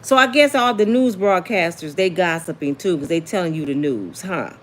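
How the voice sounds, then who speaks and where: Her lowish voice is expressive and moves at a normal speed, accompanied by a slight hiss or hum. She chats sassily on her casual celebrity gossip livestream, reading out what viewers comment.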